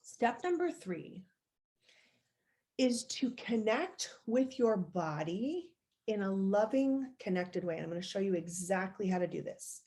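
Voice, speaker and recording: A woman's voice: medium pitch, sing-song, unhurried, mellow. A woman life coach giving a conversational, encouraging live-streamed coaching talk, walking viewers through steps and showing gestures as she goes.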